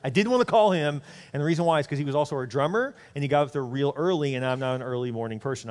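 Middle-aged male pastor, animated sermon storyteller, quick delivery, long reverb of a big hall. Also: fairly high pitch. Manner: animated storyteller acting out quoted voices.

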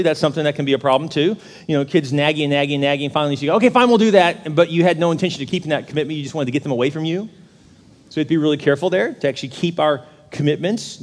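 A pastor preaching a sermon in a church, telling humorous stories and putting questions to the congregation in an animated way. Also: male voice, high voice. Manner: animated, humorous storytelling that asks the crowd questions. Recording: long reverb of a large hall.

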